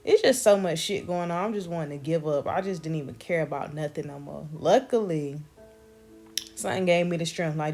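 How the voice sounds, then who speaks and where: A young woman from North Carolina, telling a casual storytime vlog with animated swearing and calling her viewers y'all. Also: sits low, brisk, faint music behind. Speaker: vlogger.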